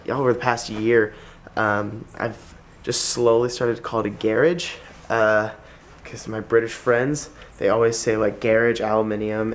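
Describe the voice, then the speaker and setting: A tired young man vlogs into a handheld camera from a garage, wandering from thought to thought with plenty of ums and restarts. His voice sits a little low, and he sounds run down. A faint hum of ambient noise stays behind him the whole time. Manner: rambling, many ums and restarts. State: tired and unwell. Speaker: vlogger. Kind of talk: casual vlog chat. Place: outdoors in the rain, then a home garage.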